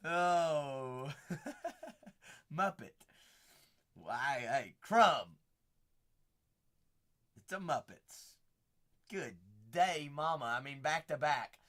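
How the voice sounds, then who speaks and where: A man's voice: a little high, very slow, long pauses. A man hosting a live card break, chatting and exclaiming as he opens packs. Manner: excitable, exclaiming, chatty asides.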